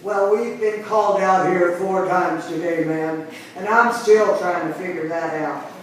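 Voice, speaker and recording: A woman plays a weary young policeman, pitched a little lower than her own voice. He speaks flatly and firmly, like someone done with repeat calls. Heard from a distance in an echoing room. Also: unhurried, natural voice. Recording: echoey room from a distance with background noise.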